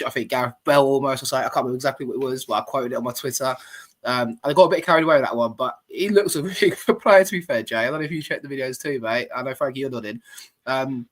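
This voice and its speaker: A man's voice: medium pitch, steady tone, quick pace, a bit bright. A man hosting a football fan podcast, chatty and rambling, passing questions to his co-hosts. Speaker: podcast host. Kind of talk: casual fan podcast chat.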